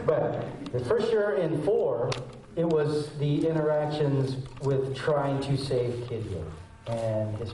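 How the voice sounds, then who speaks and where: A man's voice: mid-range voice, noisy background. Man telling stories at a convention panel. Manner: animated storyteller, acts out quotes and goblin noises. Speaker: voice actor panel guest. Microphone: handheld mic, recorded from the audience. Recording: echoey hall from far off.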